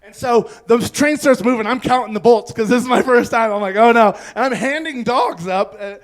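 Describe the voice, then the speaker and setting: High-voiced man telling a stand-up story. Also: a little fast. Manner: rambling, laughing at his own story. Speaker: stand-up comedian. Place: comedy club stage.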